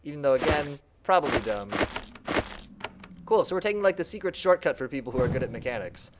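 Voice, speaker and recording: Chatty streamer man with a lively voice. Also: a little high, fairly quick, very noisy. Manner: casual, chatty, thinking aloud. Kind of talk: let's play commentary.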